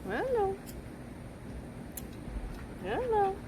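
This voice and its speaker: A woman's voice: extremely high pitch, big pitch swings, extremely slow, noisy background. A woman streamer talking casually to her dogs outdoors, cooing at them in baby talk.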